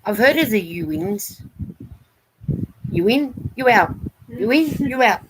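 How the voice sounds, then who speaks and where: A woman's voice: a little high, lively intonation, slow, slight background noise, low-quality recording. A woman hosting a knitting livestream, casually reading out chat comments, giggly and playful with how words are said.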